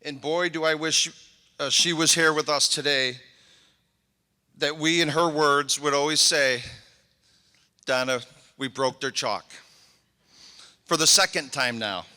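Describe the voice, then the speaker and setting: A man's voice: a little high, fairly even intonation, unhurried, long pauses, bright, forceful tone. A middle-aged man, a mayor, giving a heartfelt and emotional inauguration speech, thanking people one by one. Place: large convention hall. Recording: echoey convention hall.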